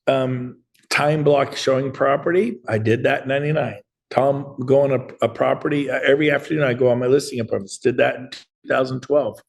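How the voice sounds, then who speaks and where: A middle-aged man who coaches real estate agents, giving an energetic, rambling motivational talk on a group video call and acting out bits of dialogue. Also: medium pitch, fairly quick, gravelly.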